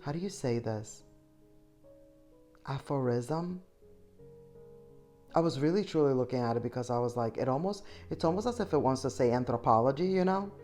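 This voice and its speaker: Chatty low-voiced woman, faint music behind. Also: expressive, normal speed, pauses often, dark tone. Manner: chatty, enthusiastic, addresses viewers directly. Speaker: shopping vlogger. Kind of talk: casual shop-with-me voice-over.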